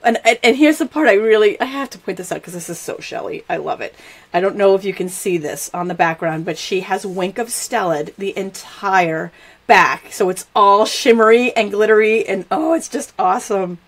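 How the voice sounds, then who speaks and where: A middle-aged woman hosting a live craft stream, chatting casually and gushing excitedly to her viewers. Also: mid-range voice, normal speed, slightly rough. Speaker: stamping demonstrator hosting a live craft show.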